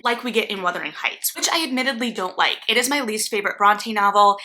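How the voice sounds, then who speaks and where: A woman's voice: mid-range voice, pushed and bright. A young adult woman talking casually about a favourite novel and its stage adaptation in a chatty, nerdy, enthusiastic way. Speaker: book vlogger. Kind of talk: casual spoken review.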